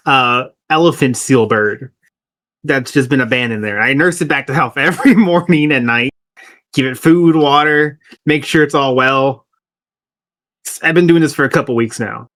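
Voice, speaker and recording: A man's voice: a little high, moderate pace, fairly bright tone. A man playing a tabletop game, rambling casually and laughing through his lines. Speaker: player.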